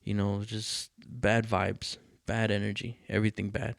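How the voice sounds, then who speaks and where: Podcast host, male, lowish voice, dry close sound; swearing, animated storyteller. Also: a little slow, vocal fry, no echo. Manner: profane, animated, acts out quoted voices. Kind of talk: casual storytelling.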